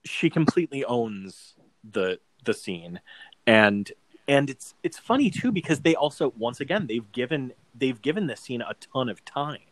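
Here the co-host has a medium-pitched, sing-song delivery at normal speed, captured with no room sound but poor audio quality. He rambles through a casual talk about a TV adaptation, using lots of fillers and acting out quotations.

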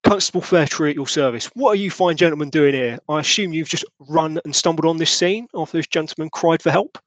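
A man's voice: on the high side, fast talker, dry recording, pitched above the performer's own voice, close to an everyday voice. A man playing a courteous Victorian constable. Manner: courteous, formal. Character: polite brisk male Victorian police constable.

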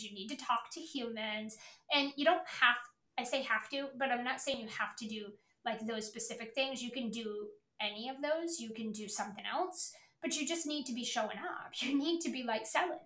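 This sales coach, a middle-aged woman hosting her own podcast, rants bluntly about selling in a voice that runs high, bright, and forceful. She is brash, profane, and emphatic, and the room sounds echoey.

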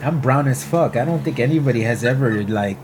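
A man co-hosting a casual podcast chat, easygoing and halting, with many fillers. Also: medium pitch, noisy background. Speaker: podcast co-host.

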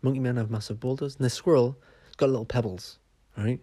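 A man's voice: mid-range voice, steady tone, fast talker, warm tone, husky, dry recording. A man hosting a podcast, telling a story in a chatty, sweary way. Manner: chatty, sweary, says "right?" often. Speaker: podcast host. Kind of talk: casual storytelling.

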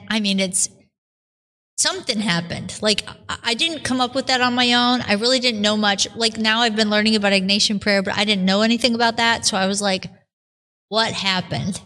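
A religious sister telling her vocation story in a podcast interview, acting out the voices she quotes. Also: mid-range voice. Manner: animated storyteller who acts out her own quotes.

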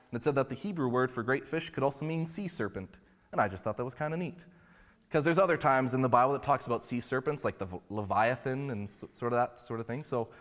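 A male pastor preaching a sermon in a relaxed, conversational storytelling way. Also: medium pitch. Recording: long hall reverb.

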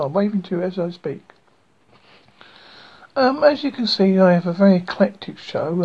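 A man's voice: high-pitched, breathy edge. A man from Essex with an English accent, hosting a casual, rambling community radio show in a self-deprecating way, on a dull lo-fi recording. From Essex, England. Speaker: radio host.

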